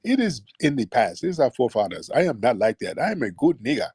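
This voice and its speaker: A smug, dismissive caller put on by a man in a whiny, high-pitched parody voice. The words are drawn out and sneering. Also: sing-song, fast talker, darkish tone, breathy edge, dry recording, clean studio sound. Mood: mocking. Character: mocking male immigrant caller, dismissive and smug.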